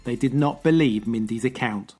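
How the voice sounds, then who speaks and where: An English man narrating a true crime podcast in a measured, explanatory manner. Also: medium pitch, a little mellow, slightly rough, soft background music. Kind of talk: scripted narration.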